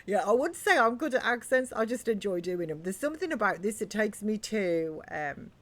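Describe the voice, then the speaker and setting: Soft-spoken rambling woman streamer. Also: medium pitch, sing-song, normal speed. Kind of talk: casual live-stream chat while gaming.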